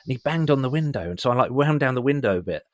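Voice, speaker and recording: A man's voice: medium pitch, rapid-fire, no echo. British guy telling a story, voice jumps all over, dry close sound. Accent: British English. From England. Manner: animated storyteller, acts out voices, laughs often. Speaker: podcaster guest. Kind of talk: casual anecdote.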